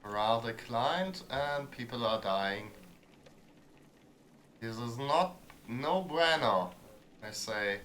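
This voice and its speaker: Young man, game streamer, bright sharp tone, swears a lot, halting thinking-aloud asides. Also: medium pitch, expressive, slight background noise. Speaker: streamer playing a story game. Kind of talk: casual live gaming commentary.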